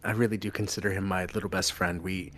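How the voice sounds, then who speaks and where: A man with a fairly low voice talks casually on a podcast. He tells stories with energy and swears freely, and he slips into the voices of the people he quotes. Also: flat delivery, fast talker, a bit bright, slight background noise. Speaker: podcast co-host. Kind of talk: casual chat.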